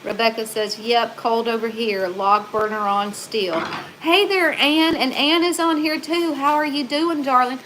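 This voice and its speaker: A woman hosts a relaxed livestream, reading out viewer comments in a chatty, unhurried way. Her voice sits a little high and she drawls slowly. Faint ambient noise hums under her. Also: low-quality recording. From Southern United States. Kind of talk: casual livestream chat.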